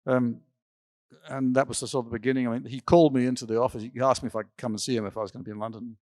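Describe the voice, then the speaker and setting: His medium-pitched voice is level, rapid-fire and somewhat dark as the older man, an interview guest, rambles through personal stories with sporadic laughs and restarts. The setting is a symposium stage, and the sound is clean studio audio with no room sound.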